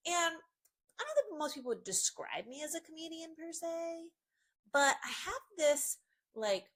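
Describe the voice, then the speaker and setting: A woman, a family photographer, telling a funny story to camera in a bubbly, self-mocking way, jumping up in pitch when she acts out quotes. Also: fairly bright tone.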